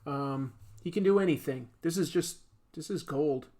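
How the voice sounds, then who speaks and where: A comics artist hosts a casual art livestream, chatting as he draws in a higher-pitched, dark-toned voice at a moderate pace. His talk rambles and jokes, thick with fillers.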